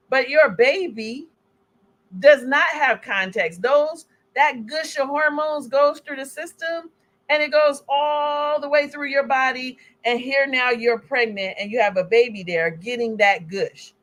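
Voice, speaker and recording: A woman gives a slide presentation on health in a lively, conversational way. She acts out small scenes and talks straight to her listeners. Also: fairly high pitch. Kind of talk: presentation talk.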